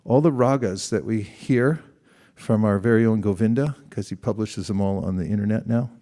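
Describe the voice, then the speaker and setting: A man's voice: on the low side, normal speed, dark tone. A middle-aged man giving a conversational sermon, asking the audience questions and acting out quoted exchanges. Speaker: spiritual teacher.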